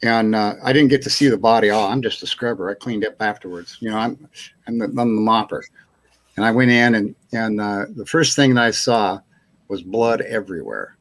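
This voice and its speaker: A man's voice: on the low side, lively intonation, fairly quick. A man hosting a casual live chat show, telling a long rambling anecdote, chuckling and acting out what people said. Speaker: host.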